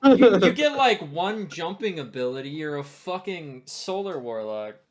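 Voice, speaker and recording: A young man playing a tabletop game, excitable and swearing a lot. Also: a little high, unhurried, crowd noise. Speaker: player. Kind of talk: casual chat.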